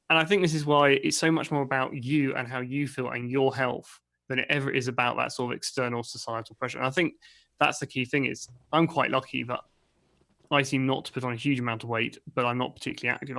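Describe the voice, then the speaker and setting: A middle-aged man talks fast from home, reasoning through his points with plenty of fillers. He has a mid-pitched, even voice and a casual, thoughtful manner. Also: gravelly. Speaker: co-host of a livestream chat show. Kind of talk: casual chat.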